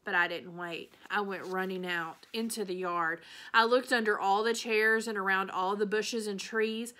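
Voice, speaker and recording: A woman's voice: medium pitch, normal speed. A woman teacher reading the last chapter of a children's novel aloud, telling it expressively. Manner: expressive storytelling, changing voices for characters.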